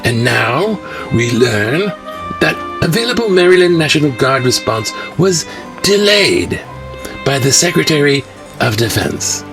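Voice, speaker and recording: A man's voice: fairly low pitch, lively intonation, moderate pace. A man hosting a spoof news show, reading newspaper letters aloud and breaking in with wry, mocking asides. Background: music.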